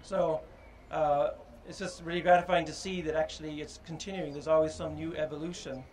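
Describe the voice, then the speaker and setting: A man giving an informal public speech at a statue unveiling, halting and reflective, with frequent pauses and fillers. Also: a little high, fairly even intonation, darkish tone, poor audio. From Ireland.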